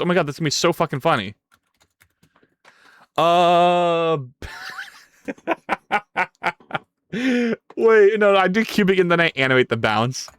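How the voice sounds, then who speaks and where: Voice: mid-range voice, fairly bright tone, no room sound. A live streamer thinking aloud while coding, who is playful with viewers and yelps and swears when things break. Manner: playful, chats with viewers between tasks.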